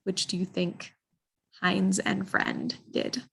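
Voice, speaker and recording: A woman telling a history story to an audience, animated and full of ums, putting listeners in the story with choices. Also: on the low side, slow pace, gravelly, slightly rough. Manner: animated, addresses listeners with choices, frequent um fillers. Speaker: history presenter. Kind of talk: interactive storytelling talk.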